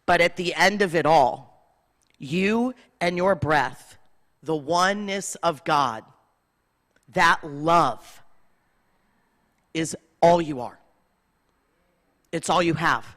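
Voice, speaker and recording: Bright-voiced woman rabbi preaching in a hall. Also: lowish voice. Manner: impassioned, with long rhythmic lists and rising emphasis. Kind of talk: sermon with personal storytelling. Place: large spiritual center hall. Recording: long hall reverb.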